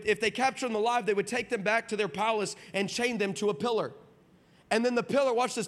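A man from El Paso preaches a sermon in a high, bright, cutting voice. He tells his story in a lively way, playing every part in it, then presses his lesson with force. His voice carries with a long echo through a large hall. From El Paso, Texas. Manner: animated, acts out dialogue, builds to emphatic preaching. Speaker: pastor. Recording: reverberant hall.

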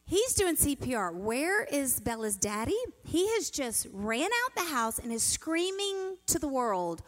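A middle-aged woman giving a sermon as a guest speaker, telling stories in an animated way and acting out the quotes. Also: high voice, a little slow, hardly any pauses. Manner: animated, storytelling, acts out quotes. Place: church sanctuary. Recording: reverberant church hall.

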